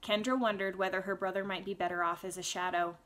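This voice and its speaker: A woman's voice: medium pitch, fast. Woman reading a fantasy novel aloud. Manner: clear, even storytelling with occasional asides to listeners. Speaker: audiobook reader.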